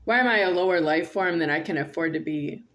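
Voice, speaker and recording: Vlogging alone, a woman delivers a rambling, confrontational monologue to camera, repeating herself as she speaks to an unseen "you." Her voice is on the low side and fairly bright in tone, and she talks fairly quickly.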